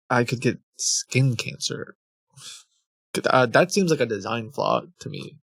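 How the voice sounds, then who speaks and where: Slow, gravelly-voiced joking male streamer. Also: mid-range voice, expressive, dry recording. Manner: joking, laughs often. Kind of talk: casual live-stream chat.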